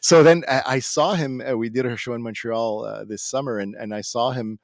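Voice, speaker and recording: Animated man telling stage anecdotes. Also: mid-range voice, normal speed, vocal fry, no room sound. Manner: animated storytelling, laughing, fillers. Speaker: convention organizer co-host. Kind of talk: live stage Q&A chat. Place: stage in a convention hall.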